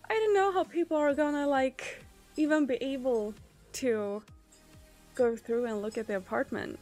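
A woman's voice: a little high, darkish tone. A woman streamer in casual chat with her viewers. She is chatty, swears often and trails off with fillers.

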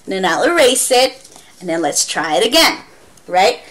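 A woman's voice: on the high side, very animated, moderate pace, bright, forceful tone. A woman who teaches English online, giving a chatty how-to tutorial with playful demonstrations. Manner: chatty, demonstrates with exaggerated gasps and wows.

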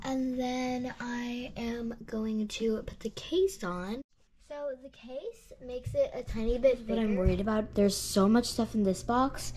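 Female vlogger, higher pitch, loose and chatty, filler words throughout, slight noise floor. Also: measured pace, a little mellow. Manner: chatty, filler-heavy, with lots of "like" and "um". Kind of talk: casual vlog talk.

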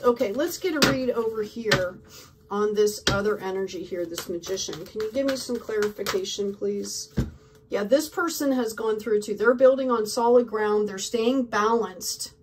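A woman's voice: mid-range voice, far from the mic, noisy background. A woman giving a casual tarot reading, talking effusively and peppering her speech with "like", "right?" and "okay?". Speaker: tarot reader.

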